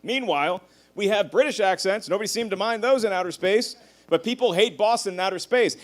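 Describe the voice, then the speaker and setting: Man, stand-up comedian, fairly high voice, animated storytelling, swears and laughs at his own jokes. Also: a little fast.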